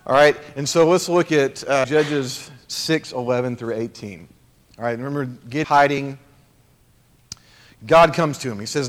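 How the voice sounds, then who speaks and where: A man's voice: medium pitch, measured pace. A male pastor giving a conversational sermon, chatty and jokey, often checking in with "right?" and "okay?". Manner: jokey asides.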